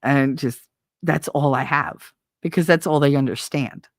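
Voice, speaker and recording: A woman's voice: rumbling low, unhurried, dry recording. A middle-aged woman live-streaming, chatting casually and reading out viewer comments, blunt, profane and sarcastic, often laughing.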